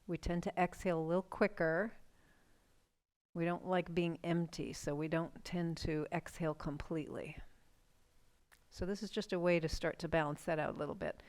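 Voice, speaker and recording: A middle-aged woman leading a chair yoga class, giving calm, gentle cues for breathing and stretching with casual asides. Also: on the low side, normal speed. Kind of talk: guided class instruction.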